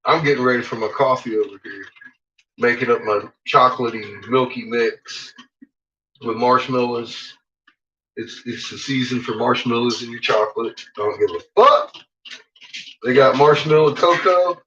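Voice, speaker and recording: A man rambles loosely and casually while vlogging from home, cursing freely and talking to himself and his pets. His mid-range voice is a little bright and moves at a normal speed. The lo-fi home recording sounds dull, with clearly audible background noise.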